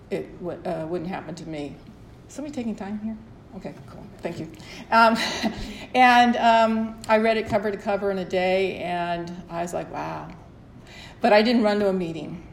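A woman's voice: mid-range voice, darkish tone, slight background noise. A middle-aged woman telling her own story at a support meeting in a candid, rambling way with restarts. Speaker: recovery meeting speaker. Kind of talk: personal sharing at a support meeting. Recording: echoey room, faint ambience.

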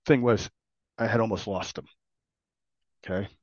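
Middle-aged man, low voice, reflective recovery testimony in halting phrases; dry, slightly muffled sound. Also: fairly even intonation, dry recording. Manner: earnest, reflective, speaks in short halting phrases. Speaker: program participant sharing his story. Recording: dull, dry recording.

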